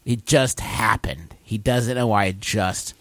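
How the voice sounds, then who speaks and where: A man's voice: on the low side, a little slow, dry recording. A man playing a tabletop game, rambling through a story with chuckles. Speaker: player. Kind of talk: casual chat.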